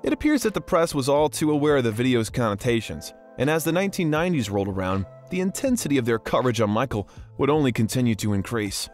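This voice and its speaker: A man's voice: mid-range voice, big pitch swings, quick pace, few pauses, soft background music. A man reading a scripted documentary narration as the channel's host, in a polished voice-over delivery.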